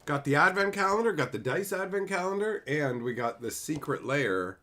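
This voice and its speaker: A man's voice: on the high side, expressive, moderate pace, noisy background. A man hosting a casual livestream, rambling and mocking with lots of swearing as he answers viewers in chat. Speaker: livestream host.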